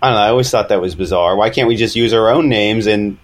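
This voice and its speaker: A man's voice: fairly low pitch, fast talker. A male comedian guest on a podcast, making wry, jokey asides in casual chat.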